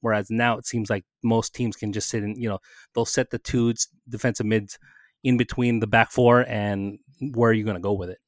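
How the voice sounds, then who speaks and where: A man explaining a point in casual podcast talk, steady and explanatory. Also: on the low side, brisk, no echo, clean studio sound.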